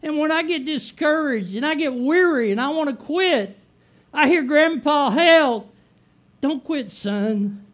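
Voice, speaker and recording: Preaching with heartfelt conviction, a middle-aged pastor's strikingly high, slightly bright voice moves with lively intonation at a moderate pace. He repeats for emphasis, drags out key phrases, and lets his delivery rise and swell to press every point.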